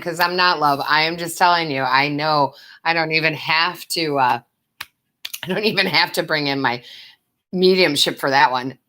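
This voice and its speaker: A woman's voice: sits low, moderate pace, sharp tone. A woman giving tarot readings on a live stream, who chats with her viewers, calls them love and sweetheart, and laughs often. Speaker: tarot reader and medium.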